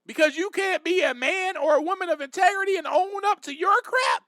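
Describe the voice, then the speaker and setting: A man's voice: very high voice, brisk, pushed and bright, dry recording. A man hosting a podcast and giving recovery advice in a direct, emphatic, preachy way. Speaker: podcast host.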